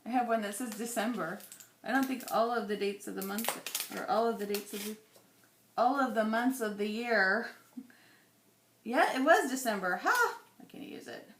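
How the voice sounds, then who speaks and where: Woman, casual crafting chat, rambling, slightly hoarse, roomy echo, faint background noise. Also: fairly high pitch, moderate pace, a bit bright. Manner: chatty, rambling, thinks aloud with fillers. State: voice going a little hoarse. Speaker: scrapbooking vlogger.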